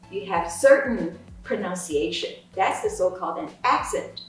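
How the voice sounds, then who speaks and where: A woman lecturer explains ideas unhurriedly, with a lively, rising and falling voice. She sounds distant from the mic, and the room echoes strongly. Faint music plays under her. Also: mid-range voice. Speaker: course instructor, sociolinguist. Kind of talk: teaching dialogue.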